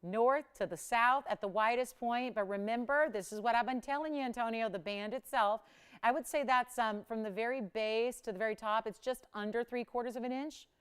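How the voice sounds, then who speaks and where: A woman hosting a live jewelry auction on TV, talking to viewers and crew in a loose, chatty way. Her voice sits a bit higher than most women's. She laughs often, and her pitch and loudness swing up and down. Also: fairly quick, clean tone. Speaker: live jewelry shopping host. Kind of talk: live TV shopping auction chat.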